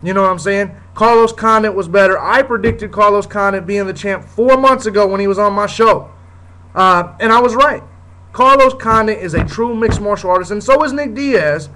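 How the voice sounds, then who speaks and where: Heated high-voiced man ranting bluntly. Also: moderate pace, noisy background. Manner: heated, blunt, swears often, repeats "you know what I'm saying". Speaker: show host. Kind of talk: profane ranting commentary.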